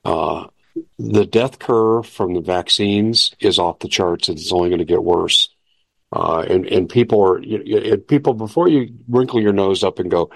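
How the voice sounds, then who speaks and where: Insistent male talk show host, lowish voice. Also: normal speed, creaky, no room sound. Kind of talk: political commentary.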